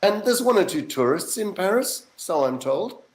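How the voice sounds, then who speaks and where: Middle-aged man telling lively anecdotes. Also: high voice, normal speed, rough recording. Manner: animated anecdotes with acted-out quotes and swearing. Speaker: voice actor guest. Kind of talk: casual interview storytelling.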